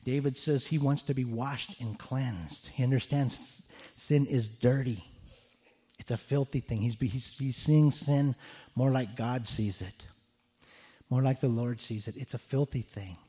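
A male pastor preaching a sermon. His voice is mellow and low in brightness, with a medium pitch. He speaks earnestly and often repeats words as he restarts his thoughts. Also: measured pace, breathy edge.

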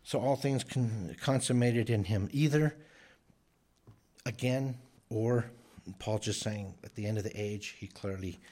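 A man's voice: on the low side, a little slow, warm tone. Earnest male preacher stressing key phrases. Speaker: pastor. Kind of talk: sermon.

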